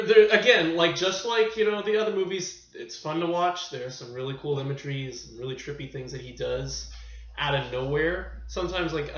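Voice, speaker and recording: A man's voice: fairly high pitch, a bit bright. A man reviewing a film in a casual, rambling monologue, often losing his thread. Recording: echoey room, dull lo-fi sound.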